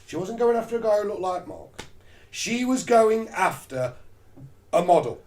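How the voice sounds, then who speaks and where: High-voiced swearing man. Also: moderate pace. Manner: animated, mocking, swears a lot. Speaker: co-host. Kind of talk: crude comedic chat.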